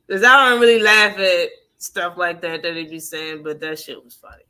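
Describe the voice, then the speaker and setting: A woman's voice: lowish voice, normal speed, sharp tone, smooth. A woman hosting a live boxing talk stream in casual, profane chat, laughing often and answering her chat.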